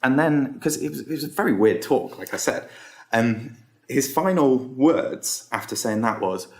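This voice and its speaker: A man's voice: medium pitch, animated, moderate pace. A man, an entrepreneur guest on a podcast, telling a long story in a casual, hesitant way full of ums and restarts.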